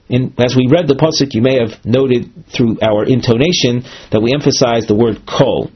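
A man giving a measured, explanatory Talmud lesson, walking through a marked text with frequent fillers and restarts. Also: mid-range voice, husky. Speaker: Talmud teacher. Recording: dull lo-fi recording.

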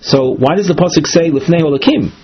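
A man with giving a Talmud lesson, reading each phrase and then explaining it with many halting "uh" pauses. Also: on the high side, breathy edge. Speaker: Talmud teacher. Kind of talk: text study lesson, reading and translating. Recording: dull lo-fi recording.

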